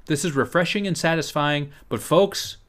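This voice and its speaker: A man's voice: on the high side, normal speed, a bit bright. Wry male podcast co-host. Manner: wry, playful. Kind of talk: casual chat, reading a review aloud.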